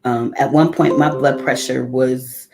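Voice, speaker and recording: A woman's voice: a bass voice, steady tone, measured pace. A woman leading a live morning devotional, speaking in a heartfelt, conversational way and greeting viewers by name. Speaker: ministry leader.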